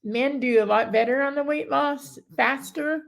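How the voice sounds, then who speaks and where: Gravelly-voiced middle-aged woman, rambling. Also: high-pitched, normal speed. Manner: rambling, self-interrupting, acts out others' words. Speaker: guest. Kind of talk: emotional personal story in a casual chat.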